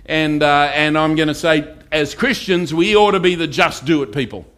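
A man's voice: fairly high pitch, normal speed, fairly bright tone. A pastor preaching a conversational sermon to his congregation and asking them for amens. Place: church.

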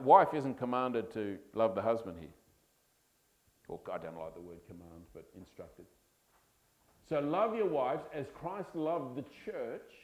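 Male preacher, from Australia, mid pitch, emphatic, drawn-out key words. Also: poor audio. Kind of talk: sermon.

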